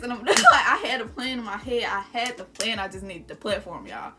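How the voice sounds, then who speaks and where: A young adult woman casually telling a story to her viewers, animated and swearing, calling them y'all. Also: a little high, fast, hardly any pauses, music in the background.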